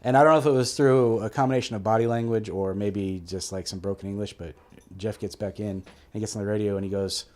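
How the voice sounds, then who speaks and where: A man guest telling a story in a casual, animated way, swearing freely and acting out quoted voices. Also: on the low side, brisk. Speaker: guest, military veteran.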